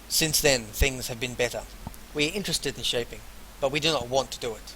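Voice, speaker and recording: A man's voice: medium pitch, a little fast, few pauses, pushed and bright, a little hiss or hum, rough recording. A man playing a role-playing game, reading the on-screen text aloud and adding casual offhand remarks. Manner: reads game text in full, then drops casual offhand asides. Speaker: let's player.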